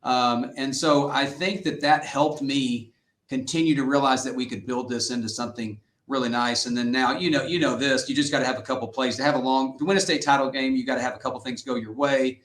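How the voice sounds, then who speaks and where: A middle-aged man, a high school football head coach, telling stories in an interview in an earnest, lively way and acting out the quotes he tells. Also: a little fast. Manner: earnest, animated storyteller who acts out quotes. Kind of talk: interview guest storytelling. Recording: roomy echoey sound.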